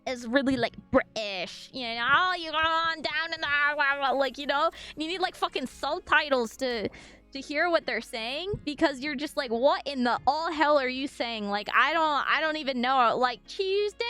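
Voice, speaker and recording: Bubbly, high-pitched woman streamer. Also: lively intonation, moderate pace, fairly bright tone, soft background music. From French Canada. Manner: bubbly, rambling, full of fillers and sudden squeals. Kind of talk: casual live-stream chat. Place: home streaming room.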